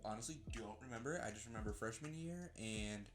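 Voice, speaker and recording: Young man, casual podcast chat, lowish voice, animated storyteller. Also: fairly quick, music in the background. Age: young adult. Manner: animated storytelling, acts out quotes. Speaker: podcast co-host.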